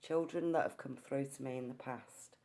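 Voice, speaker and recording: A woman's voice: rumbling low, normal speed, gravelly, mellow. A woman narrating her ghost-hunting experience in an earnest, storytelling way, sometimes restarting her words. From England. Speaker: ghost hunter. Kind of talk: narrated ghost-hunt account.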